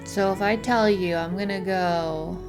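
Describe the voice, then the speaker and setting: Young woman gamer rambling playfully, slow talker, game music loud behind. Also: medium pitch, steady tone. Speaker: game streamer. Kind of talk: casual let's-play commentary.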